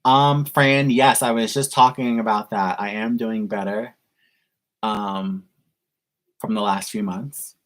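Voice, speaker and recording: Effusive man with a lowish voice. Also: steady tone, slow, fairly bright tone. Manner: effusive, gushing, heavy use of "like". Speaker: reaction channel host. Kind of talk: casual livestream Q&A.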